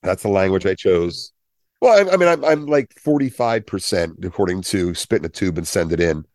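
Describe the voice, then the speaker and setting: A man's voice: sits low, expressive, moderate pace, no echo, studio quality. A man in his fifties, co-hosting a podcast, chatting casually and jokily, wandering off on side notes. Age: 50s. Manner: chatty, jokey, tangents. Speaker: podcast co-host. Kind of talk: casual chat.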